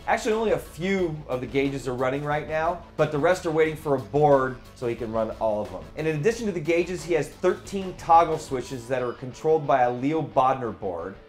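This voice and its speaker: A man's voice: a little high, expressive, brisk, hardly any pauses, a little mellow, faint music behind. Easygoing enthusiastic male show co-host. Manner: enthusiastic, easygoing, loose with fillers. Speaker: co-host of a sim racing show. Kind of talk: casual chat.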